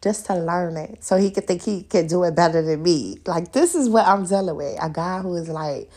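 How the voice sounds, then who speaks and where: A young woman hosting a podcast, chatting casually and telling loud, animated stories full of laughter and acted-out quotes. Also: on the low side, moderate pace. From New York and the countryside. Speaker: podcast host. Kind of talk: casual solo podcast chat.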